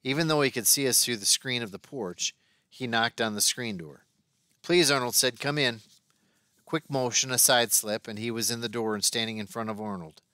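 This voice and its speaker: A man reading an audiobook aloud in a steady, expressive narration. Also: medium pitch, brisk, clean tone, no room sound, clean studio sound. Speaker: audiobook reader.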